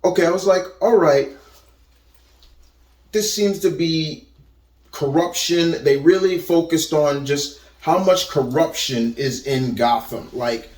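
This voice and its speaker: A man's voice: a little high, distant mic. A man giving a casual, rambling movie review, often restarting and repeating words. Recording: roomy echo, voice set back from the mic.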